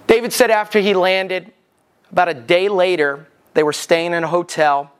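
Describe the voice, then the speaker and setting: A man's voice: high-pitched, a bit bright. A man, a lead pastor, giving a sermon. He tells a story at length and then drives the lesson home with repeated, emphatic commands. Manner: emphatic, repetitive exhortation.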